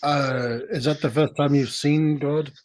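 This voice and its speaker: A man's voice: on the high side, steady tone, a little slow. Hesitant English man, trailing off. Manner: hesitant, dry, trailing off quietly. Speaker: stream guest. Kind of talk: casual chat.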